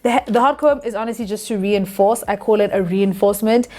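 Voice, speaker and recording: A woman's voice: medium pitch, fast, mellow. A young woman hosting a hair tutorial, talking casually and directly to her viewers. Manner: chatty, talks straight to viewers as "guys".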